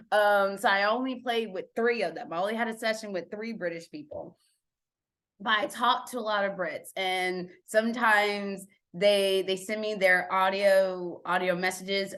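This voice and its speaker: An American woman hosting a casual monologue, chatty and blunt, swearing freely and dropping from loud remarks to hushed asides. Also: medium pitch. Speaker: host.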